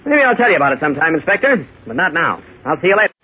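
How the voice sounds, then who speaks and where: An earnest, commanding superhero speaks quickly with a lively, rising tone. He sounds like an old radio serial, thin and tinny with faint music underneath. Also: a little high, heavy background noise. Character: steady, heroic male reporter and superhero. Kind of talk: 1940s radio acting.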